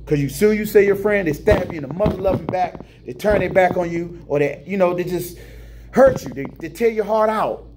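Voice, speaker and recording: A middle-aged American truck driver venting in an emotional, preachy vlog monologue indoors at a terminal, sliding between low mutters and high emphatic bursts. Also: male voice, brisk, background noise. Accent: American English.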